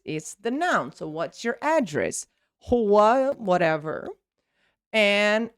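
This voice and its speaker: Woman, English teacher, slow and melodic, dry close sound. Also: medium pitch, big pitch swings, smooth, no echo. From Brazil. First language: Portuguese. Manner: slow, drawn-out model words. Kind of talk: pronunciation lesson.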